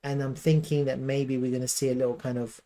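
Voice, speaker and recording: Brief: man, mid-pitched, casual live analyst, thinks aloud with fillers and restarts. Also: little pitch movement, fast talker, dark tone. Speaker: crypto chart analyst.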